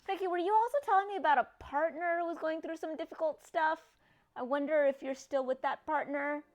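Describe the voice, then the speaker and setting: A woman with a fairly high voice chats live with her stream audience. She rambles in a playful, loose way, dropping casual swears as she goes. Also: brisk. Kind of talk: live stream chat with viewers.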